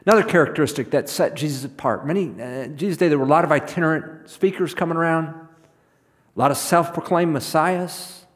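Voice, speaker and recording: Male pastor, sermon, casual repeated words, a bit high-pitched, echoing sanctuary. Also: fairly quick. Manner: conversational preaching, frequent repeated words. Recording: long hall reverb.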